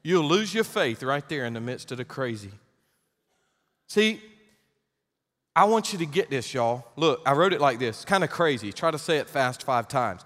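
A man's voice: mid-range voice, moderate pace. A man preaching a sermon as pastor, acting out quoted voices. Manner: animated, acts out quoted voices. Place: church sanctuary. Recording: reverberant church hall.

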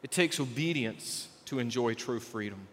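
Animated preacher in a reverberant hall. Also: male voice, mid-range voice, moderate pace, slight background noise. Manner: animated and folksy, jokes with the congregation. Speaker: pastor. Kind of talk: sermon. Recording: long reverb of a large hall.

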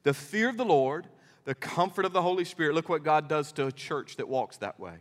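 A middle-aged pastor delivers a sermon in a high, lifted voice, folksy and emphatic as he tells his stories. The sound carries a long reverb from a church sanctuary. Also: brisk. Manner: animated storytelling preacher, folksy and emphatic.

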